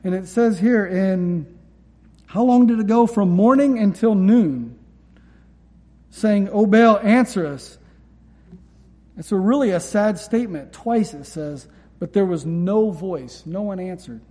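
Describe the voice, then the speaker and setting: Speaking unhurriedly in a high but dark-toned voice, a male pastor preaches and reads scripture while a long reverb tail trails each phrase. Earnest throughout, he repeats words for emphasis.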